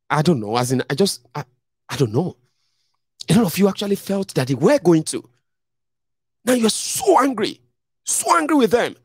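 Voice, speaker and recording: A man's voice: medium pitch, breathy edge, no room sound, studio quality. A young adult man with a Nigerian accent, giving a blunt, mocking political commentary to his viewers. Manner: blunt, mocking, mimics others in a raised voice. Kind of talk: casual monologue to viewers.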